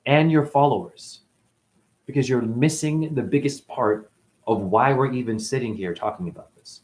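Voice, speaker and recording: Rambling, profane spiritual teacher man. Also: medium pitch. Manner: rambling, profane, swings between loud and muttered. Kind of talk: rambling casual monologue.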